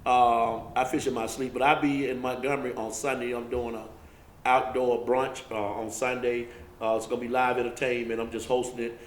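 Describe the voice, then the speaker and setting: A man guesting on a comedy podcast, emphatic and repetitive, breaking into loud laughing outbursts. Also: mid-range voice, level tone, a little fast, reverberant, slight background noise. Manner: emphatic, repeats himself, breaks into laughing shouts. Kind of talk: casual comedy podcast banter.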